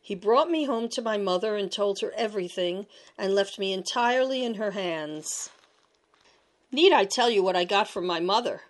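A woman narrating a storybook tale in a measured, expressive reading voice. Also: mid-range voice.

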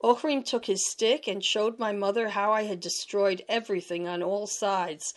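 A woman narrating a storybook tale in a measured, expressive reading voice. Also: medium pitch.

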